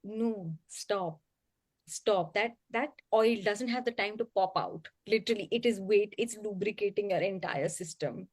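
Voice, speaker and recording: A woman speaking earnestly in a panel discussion, animated and often saying "you know.". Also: medium pitch, moderate pace, few pauses, no room sound, clean studio sound.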